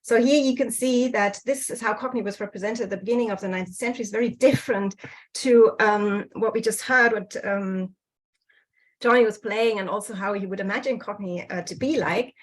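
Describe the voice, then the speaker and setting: A woman's voice: medium pitch, a little fast, poor audio. A woman giving an online slide talk over a video call, speaking hesitantly with many fillers and restarts. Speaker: speaker presenting on dialect history.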